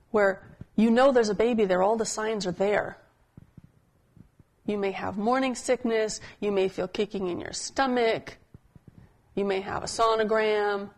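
A woman giving a sermon as a pastor, telling stories in a conversational style and slowing down to stress key points. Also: medium pitch. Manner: conversational storytelling preaching, slowing for emphasis.

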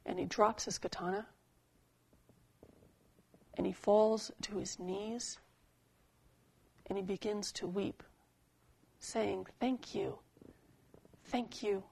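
A woman preacher giving a sermon, telling a story and reading a poem in a deliberate, dramatic way. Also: mid-range voice, flat delivery, creaky, slightly rough.

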